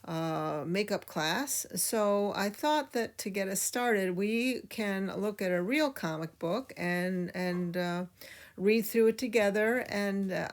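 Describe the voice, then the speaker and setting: Relaxed woman teacher reading a comic aloud. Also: mid-range voice. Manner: relaxed, with many fillers and pauses. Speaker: cartooning teacher. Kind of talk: casual classroom read-aloud.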